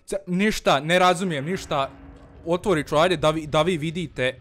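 Here the host's voice is on the high side, quick and slightly bright. Doing comedic let's-play commentary in character as a boastful, fearless Balkan village man, he mixes broken English with his native Bosnian while swearing and muttering nervously as he plays.

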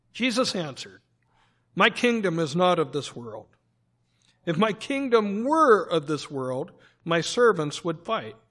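A male pastor reads scripture from the pulpit at a deliberate, unhurried pace. His voice sits high for a man, and he lifts and presses the quoted cries for dramatic effect. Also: a bit bright. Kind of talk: sermon scripture reading.

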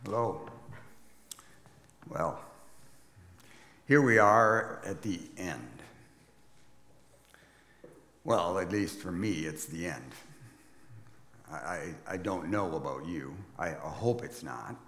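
A man's voice: low voice, slow pace, pauses often, fairly bright tone, in a large hall, full character voice. A man playing Isaiah, a weary old prophet. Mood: solemn. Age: 70s. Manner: grave, reflective monologue with wry asides. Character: aged male prophet, weary and burdened. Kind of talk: dramatic first-person sermon monologue.

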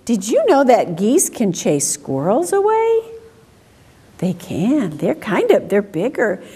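A woman reading picture books aloud at a children's story time, asking questions and making animal sounds in a slow, sing-song way. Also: a little high, wildly swooping pitch, mellow, slightly rough.

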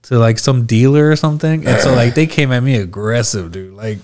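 A man's voice: mid-range voice, brisk, a crowd in the background. A man casually retelling a story on a podcast, rambling with lots of fillers and quoting himself. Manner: rambling, animated retelling with many "like"s and acted-out quotes. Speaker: podcast co-host.

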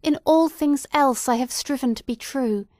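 A woman's voice: high-pitched, moderate pace, a little mellow, no echo, studio quality, voice pushed up, natural voice. A woman voicing a passionate, desperate woman, pleading in a raised, impassioned voice in an audiobook.

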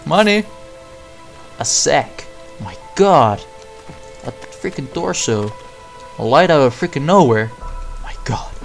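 A young man hosting a horror game let's play, yelping and swearing at scares, then dropping to a hush. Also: on the high side, sing-song, slow pace, gravelly, long pauses, soft background music. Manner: jumpy, yelps and swears at scares, then hushes.

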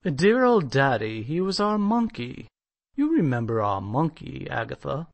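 Reader doing smooth-talking young gent, lively pitch, gravelly, dry. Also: measured pace, no echo. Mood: glib. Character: glib young gentleman, quick to cover up.

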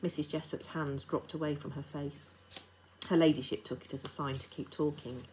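A teacher reading a children's novel aloud to her class, her voice low for a woman. The narration is steady and expressive. A faint background hiss runs under it. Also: normal speed, rough recording.

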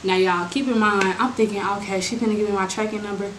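A young woman rants through a storytime, exasperated and animated, calling out to her viewers in slangy casual talk. Her voice sits at an ordinary pitch for a woman. It carries a roomy echo with steady noise in the background. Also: quick pace. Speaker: vlogger telling a storytime.

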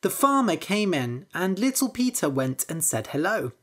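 A woman narrating a fairytale slowly and clearly for English learners. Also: on the low side. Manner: slow and expressive. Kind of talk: slow, clear storybook narration.

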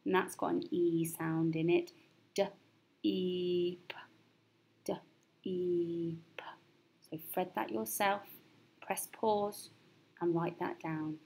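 A woman teaching young children to read and spell, speaking slowly and patiently, with a gravelly edge to her voice. She sounds out each letter with steady encouragement, and a faint hiss sits behind her. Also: fairly low pitch. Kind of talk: phonics lesson for young children.

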